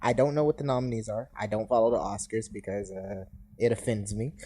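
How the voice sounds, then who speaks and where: A man's voice: lowish voice, steady tone, a little fast, dark tone. A man co-hosting a casual podcast chat, laughing often between his remarks. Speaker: podcast co-host.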